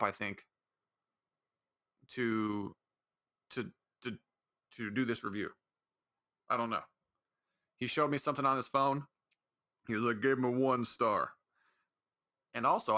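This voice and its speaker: A man's voice: medium pitch, unhurried, long pauses, sharp tone. A man hosting his own podcast, talking alone in a rambling, exasperated way with lots of restarts. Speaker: podcast host. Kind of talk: solo casual podcast monologue.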